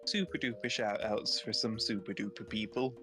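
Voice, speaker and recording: A man's voice: fairly low pitch, moderate pace, over music. A British man co-hosting a casual live stream, joking and bantering playfully. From Britain. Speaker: co-host.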